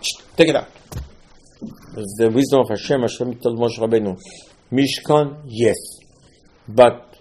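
Husky, mellow-voiced male preacher. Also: mid-range voice, normal speed. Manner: animated storytelling, acting out quotes; emphatic, repeats key words. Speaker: religious teacher. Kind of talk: sermon on scripture.

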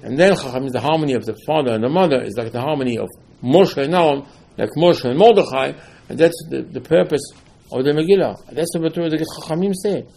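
Gravelly emphatic male rabbi. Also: on the high side, mellow. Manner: emphatic, rhetorical questions, acts out dialogue. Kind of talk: Torah lecture.

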